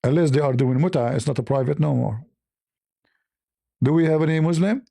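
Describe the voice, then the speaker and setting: Gravelly, dark-voiced male livestream host. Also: on the high side, no room sound, clean studio sound. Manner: mocking, provocative, drawn-out emphasis. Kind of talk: casual livestream chat.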